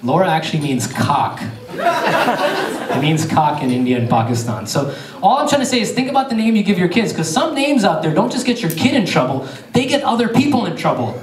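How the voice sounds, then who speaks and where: A male stand-up comedian doing an animated storytelling set with crowd work on a theater stage. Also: sits high, a little fast, distant mic. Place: theater stage before a live audience. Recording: echoey theater heard from afar. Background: audience laughter.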